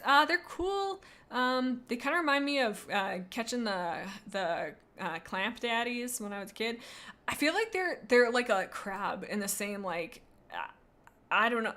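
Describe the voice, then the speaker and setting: A woman's voice: on the high side, fairly bright tone. A young adult woman streaming live, chatting casually and rambling as she reads chat aloud.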